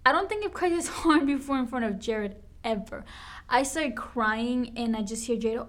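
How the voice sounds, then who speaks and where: A young woman co-hosting a podcast, chatting casually and telling stories in an animated way with lots of "like". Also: a little high, normal speed. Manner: animated storyteller, says "like" often. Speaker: podcast co-host. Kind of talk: casual chat.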